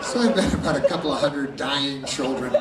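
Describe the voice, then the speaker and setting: A male stand-up comedian telling a long joke in a deadpan, halting way, with drawn-out pauses. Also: mid-range voice, over loud music. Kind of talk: stand-up set. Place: large live venue. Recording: echoey live hall, far mic, loud crowd.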